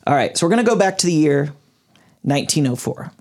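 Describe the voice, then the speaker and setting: Lively man explaining a story on a podcast. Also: a little high, fast talker. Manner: lively, explanatory, stumbles over names. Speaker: podcast host. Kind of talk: casual podcast chat, explaining a topic.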